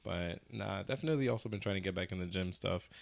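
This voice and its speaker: A man's voice: deep voice, quick pace, gravelly. A man co-hosting a podcast in casual chat, laid-back and slangy, swearing now and then. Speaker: podcast co-host.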